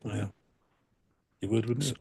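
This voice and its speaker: A man's voice: on the low side, fairly even intonation, measured pace, gravelly, mellow, slightly rough. A man co-hosting a comedy podcast, trading dry, teasing banter. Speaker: podcast co-host.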